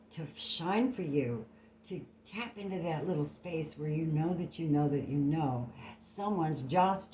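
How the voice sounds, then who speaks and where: A woman's voice: low-pitched, a little mellow, slight background noise. A woman giving a casual tarot reading to camera, blunt and emphatic, swearing freely, recorded on a phone. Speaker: tarot reader. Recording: echoey room.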